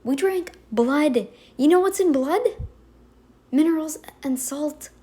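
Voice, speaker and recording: A woman reacts to a video in casual commentary, pushing back hard on what she hears. Her voice sits high and she takes her time, leaning on her words to make her point. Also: animated, slow, mellow. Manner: emphatic, argumentative, talks back to the clip.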